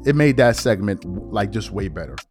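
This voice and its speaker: A man's voice: fairly low pitch, big pitch swings, moderate pace, over music. A man hosting a sports podcast, talking casually and emphatically in slang, often repeating words. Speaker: podcast host. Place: lives abroad, recording at home.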